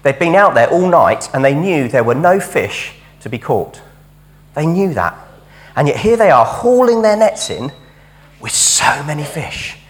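A man's voice: on the high side, very animated, unhurried. A man giving a chatty, jokey sermon at a church camp service. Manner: chatty and jokey, leading a game with helpers. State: out of breath. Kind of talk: lively all-age sermon.

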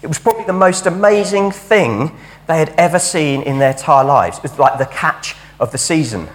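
At a church camp service, a man gives a lively, chatty, jokey sermon for all ages while leading a game with helpers. His fairly high voice has lively intonation at a normal speed, and he is out of breath.

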